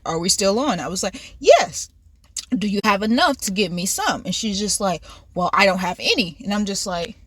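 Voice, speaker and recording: A woman's voice: mid-range voice, bright, forceful tone. A woman in her twenties telling a casual, rambling story from her car and laughing often. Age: 20s. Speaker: vlogger.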